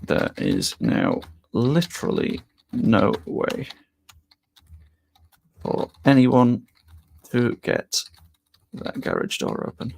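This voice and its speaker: A man's voice: medium pitch, wildly swooping pitch, slow pace, gravelly, pauses often, darkish tone. A man chatting casually on a live stream, rambling a little and answering viewers' messages. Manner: rambling, reads chat aloud and answers it.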